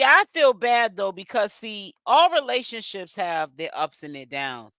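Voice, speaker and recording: With a mid-range, pushed and bright voice, this Boston native from Massachusetts hosts a celebrity gossip channel. She speaks in a Boston accent, offering sassy, chatty live-stream remarks, reading viewers' messages aloud, and drawing out exclamations. The clean studio recording carries no echo.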